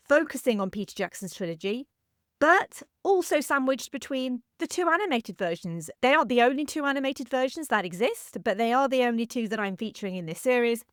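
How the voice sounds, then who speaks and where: Woman, thirties, podcast host, earnest, a bit emotional, higher pitch, dry sound. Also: no echo. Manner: earnest, grateful, slightly emotional. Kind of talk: heartfelt solo podcast monologue.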